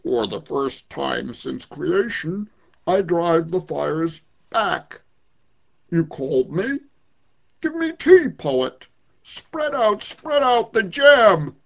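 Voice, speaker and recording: The sun itself, a grand cosmic being, speaks out slowly and loudly with lofty declamation, as a lecturer puts it on while reading a poem. The recording sounds dull and lo-fi. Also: medium pitch, sing-song, vocal fry, pitched above the performer's own voice, full character voice. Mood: commanding. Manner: loud, slow, declamatory.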